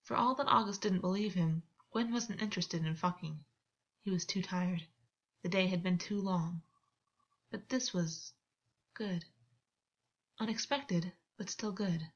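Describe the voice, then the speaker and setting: A woman reading fan fiction aloud, with calm, steady storytelling. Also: on the low side, unhurried, pauses often, muffled recording. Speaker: audiobook reader.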